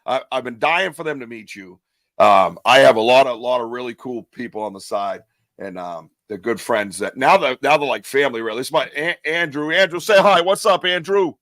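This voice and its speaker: A man's voice: mid-range voice, brisk, fairly bright tone, no echo. Male live-stream host, casual and rambling, swears freely, dry mic. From northern United States. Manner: loose, joking, rambling with swearing. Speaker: podcast host.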